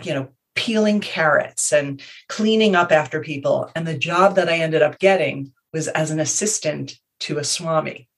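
A woman guest speaking in a measured, reflective way, telling personal stories in a conversation. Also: low voice.

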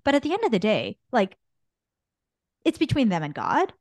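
A woman co-hosting a podcast, talking openly and casually with plenty of filler words. Her pitch swings widely as she tells stories, and the recording is dry and close with no room echo. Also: normal speed. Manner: candid, animated storytelling, many "like" fillers. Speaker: podcast co-host. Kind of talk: casual faith podcast chat.

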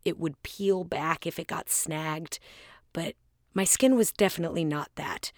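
A woman host telling a personal story in a casual, animated way. She laughs often at herself and acts out both sides of a conversation. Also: low voice, a little slow, no room sound, clean studio sound. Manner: casual, self-deprecating humor.

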